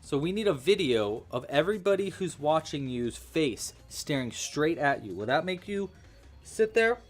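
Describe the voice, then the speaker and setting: A man's voice: fairly high pitch, expressive, normal speed, faint music behind. A man casually teaching a crochet-along on a livestream, chatty and playful, often chatting with his cat. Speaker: crochet instructor.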